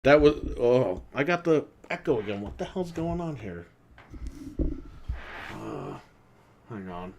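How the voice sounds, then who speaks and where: A man's voice: medium pitch, wildly swooping pitch, slow pace, vocal fry, long pauses. A man co-hosting a gaming podcast, ranting casually, in a heated and profane way. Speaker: podcast co-host. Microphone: desk microphone.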